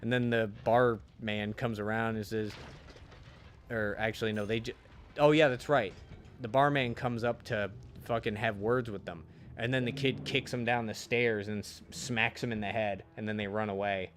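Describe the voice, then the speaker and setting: A man's voice: fairly low pitch, steady tone, normal speed. Rambling, cursing male streamer. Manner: rambling, profane storytelling with restarts. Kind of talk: casual chat while gaming.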